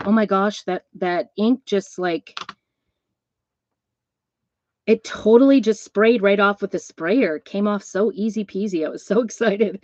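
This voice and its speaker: A woman's voice: medium pitch, a little mellow, no echo, lo-fi sound. A middle-aged woman hosting a live craft demonstration, chatting and rambling through stories while she works with her hands. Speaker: craft seller and host.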